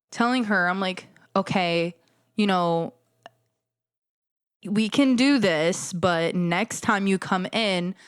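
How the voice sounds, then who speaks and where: A young adult woman hosting a podcast, casually telling a story about working as a bartender, animated and swearing as she acts out both sides of the exchange. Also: on the low side, clear, resonant tone, dry recording, studio quality. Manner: animated, acts out customers and herself in quoted dialogue, swears. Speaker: podcast host.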